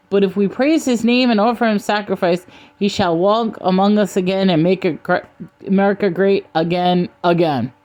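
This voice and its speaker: A woman voicing a fanatical old male high priest with a reedy voice, intoning grandly. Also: lightly acted, poor audio.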